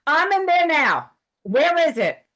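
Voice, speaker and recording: A woman hosting a podcast, ranting in a heated, profane, animated way in casual chat. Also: sits high, takes it slowly. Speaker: podcast host.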